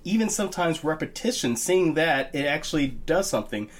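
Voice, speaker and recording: A man co-hosting a Bible study podcast in relaxed, casual chat, hesitating with many fillers. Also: on the high side, a little fast.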